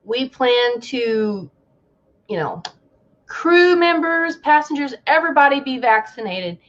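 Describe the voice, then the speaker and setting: Brief: high-voiced woman vlogger, slow and expressive, acts out quotes with dramatic pauses. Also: lo-fi sound. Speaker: travel advisor vlogger. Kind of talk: casual monologue commentary.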